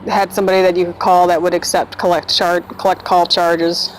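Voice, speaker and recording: A woman's voice: lowish voice, flat delivery, fairly quick, a little hiss or hum, poor audio. A woman, telling her own story in a casual, rambling vlog monologue and acting out the voices of people she quotes.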